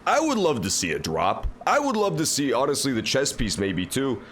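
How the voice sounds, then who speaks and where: A man's voice: medium pitch, huge pitch swings, normal speed, a bit bright, a little hiss or hum. A man streaming a game, giving casual, joking and profane commentary. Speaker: gameplay streamer. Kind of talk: casual live gameplay commentary.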